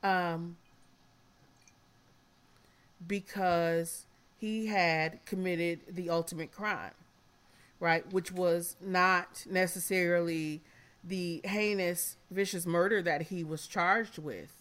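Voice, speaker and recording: A woman's voice: fairly low pitch, fairly even intonation, slow pace, fairly bright tone. A woman in her fifties hosting a casual podcast, frank and blunt, swearing freely and calling her guests darling, emotional and close to tears. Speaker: podcast host.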